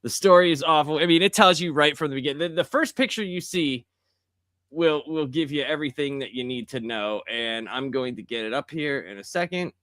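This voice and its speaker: A man hosting a casual comic book review podcast, talking in an animated way and reacting loudly with disgust. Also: on the high side, a little fast, dry recording, clean studio sound. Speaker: podcast host.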